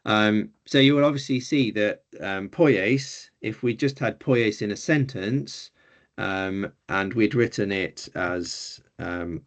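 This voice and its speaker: A man's voice: lowish voice, slow pace. A man teaching a beginners' language class, explaining patiently and hesitantly with frequent ums. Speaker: Greek teacher. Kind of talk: informal online class teaching.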